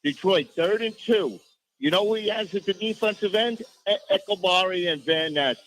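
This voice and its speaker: A man's voice: high voice, moderate pace, fairly bright tone, low-quality recording. A man calling in to a sports radio show, exasperated and repeating rhetorical questions. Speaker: caller. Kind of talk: phone-in rant.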